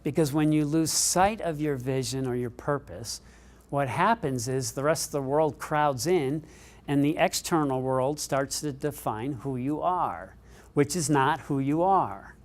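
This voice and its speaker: Guy telling a story on stage, kinda high voice, gets animated. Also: measured pace. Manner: animated, rises in pitch when excited. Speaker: keynote speaker. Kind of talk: storytelling keynote speech.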